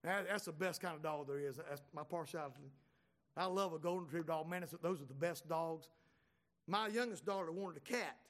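A man's voice: on the high side, a little fast, a bit bright. A middle-aged man tells a humorous story to an audience in a folksy, chatty way, often restarting his sentences. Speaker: speaker.

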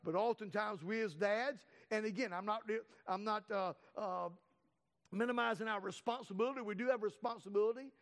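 A man preaching a sermon to a congregation, earnest, with many fillers and restarts, slowing down to read scripture. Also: high-pitched, in a large hall. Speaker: pastor.

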